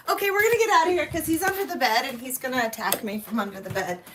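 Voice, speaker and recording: A woman's voice: high voice, reverberant, background noise. A woman vlogging casually from home on a phone camera, chatty and a little foul-mouthed. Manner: chatty, swearing, drawn-out complaining. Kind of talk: casual vlog chat. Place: at home indoors.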